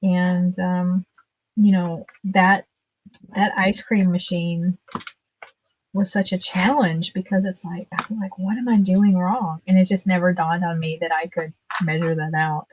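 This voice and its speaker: A woman's voice: lowish voice, level tone, measured pace, a little mellow. Chatty woman in her fifties, laughing often. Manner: chatty, laughs often while telling stories. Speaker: livestream guest. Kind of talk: casual storytelling.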